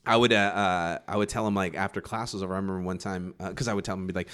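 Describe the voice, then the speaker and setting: A young man from California talks quickly in a lowish voice. He rambles in casual chat, swears often, and piles up fillers and restarts. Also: steady tone, fairly bright tone, clear, resonant tone.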